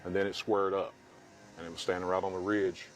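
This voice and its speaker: A man's voice: sits low, flat delivery, brisk, a little hiss or hum. A middle-aged man recounting his experience in an interview, plain-spoken and hesitant. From Kentucky. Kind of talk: interview storytelling.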